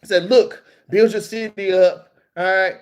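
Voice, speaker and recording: Male preacher, Southern US accent, high-pitched, casual and punchy delivery. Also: fairly even intonation, unhurried, clean tone. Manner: casual and emphatic, peppered with "man" and "all right?". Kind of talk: street-style scripture teaching.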